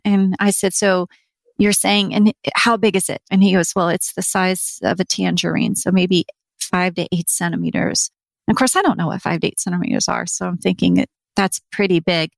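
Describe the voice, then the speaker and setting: A woman's voice: mid-range voice, gravelly, dry recording. Woman, middle-aged, earnest storyteller, interview guest, dry room. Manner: earnest storytelling, acting out quoted voices.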